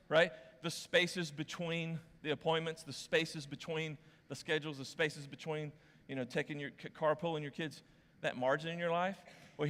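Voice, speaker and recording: In a church auditorium full of long hall reverb, a man with a fairly bright voice on the high side preaches as pastor. He mixes his sermon with audience games, teasing volunteers on stage before opening up candidly and confessionally to the congregation.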